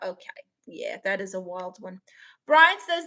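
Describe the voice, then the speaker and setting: Bright-voiced woman streamer chatting. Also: medium pitch, expressive. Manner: playful, teasing, quick banter with chat. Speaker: live streamer. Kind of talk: casual live-stream chat, reading comments aloud.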